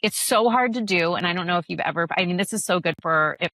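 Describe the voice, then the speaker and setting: Lower-voiced woman, candid podcast guest. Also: fast talker, sharp tone, no echo. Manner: candid, laughs often, many restarts. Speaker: guest, yoga teacher and author. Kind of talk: conversational podcast interview.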